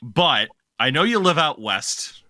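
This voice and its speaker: A man hosting a casual hockey podcast, chatty and quick to laugh. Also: fairly high pitch, no room sound, clean studio sound. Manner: chatty, laughs often, animated storytelling. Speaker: podcast host.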